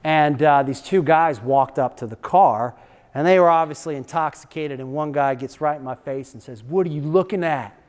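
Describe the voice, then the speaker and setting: A man's voice: fairly high pitch, normal speed, clear, resonant tone. Chatty man telling stories in a hall. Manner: casual, chatty, laughs at his own stories. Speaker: guest speaker. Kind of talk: storytelling talk to a campus audience.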